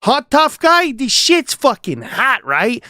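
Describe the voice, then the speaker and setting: A swaggering New York tough guy, as a man puts him on during a live stream, all loud taunts and curses. The voice jumps up well above his usual pitch and swings around in a showy way. The sound is close and dry. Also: huge pitch swings, slow pace, no room sound, heavily acted. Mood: taunting. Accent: put-on New York. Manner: swaggering, taunting, heavy swearing.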